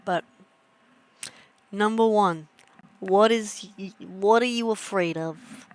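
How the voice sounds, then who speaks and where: A young woman streamer chats casually with her viewers in a mid-range voice at a slow pace. She rambles, talks straight to chat, and laughs at her own jokes.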